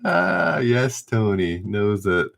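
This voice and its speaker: A middle-aged man runs a live trivia stream, reading each question out and then going back over it when he trips on the wording. His voice sits a little low, and he speaks in an unhurried, drawn-out way while he calls out viewers' answers. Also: big pitch swings, creaky, fairly bright tone. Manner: reads questions aloud, stumbles and rereads, chats with viewers. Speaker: trivia host.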